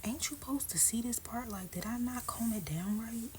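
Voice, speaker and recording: A woman's voice: fairly high pitch, normal speed, a little mellow, slight background noise, low-quality recording. A woman vlogger chatting casually and candidly while she does her hair, often dropping into a half-whisper. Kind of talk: casual chat.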